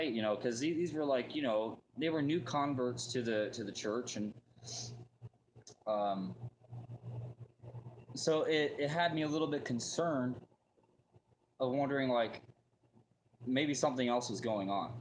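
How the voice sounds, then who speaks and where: A man's voice: mid-range voice, slight background noise, low-quality recording. A man telling a personal story in a casual, rambling way, full of fillers and restarts.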